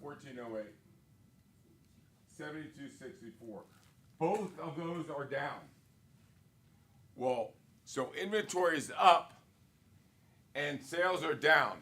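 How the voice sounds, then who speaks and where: A man's voice: on the high side, animated, slow pace, long pauses, pushed and bright. A man leading a live sales training for real estate agents in a corporate studio, talking in an emphatic, punchy way and firing off rhetorical questions.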